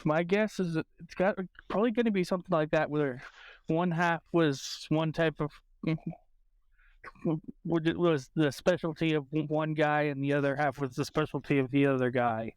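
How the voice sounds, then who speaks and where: A man plays trivia and reasons through his guesses in a hesitant way. His voice is smooth and a little high, and it sounds dry. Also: fairly even intonation, normal speed, no echo. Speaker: trivia contestant. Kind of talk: casual podcast chat.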